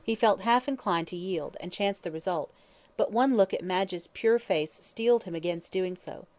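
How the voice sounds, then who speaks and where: A woman narrating a classic mystery novel in measured, expressive storytelling. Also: medium pitch. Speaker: audiobook narrator. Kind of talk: scripted narration.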